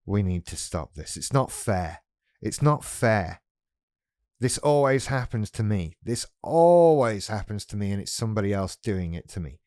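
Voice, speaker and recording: A man's voice: on the low side, very animated, measured pace, a little mellow, no room sound, studio quality. A man voicing his whiny, self-pitying inner voice that complains everything is unfair.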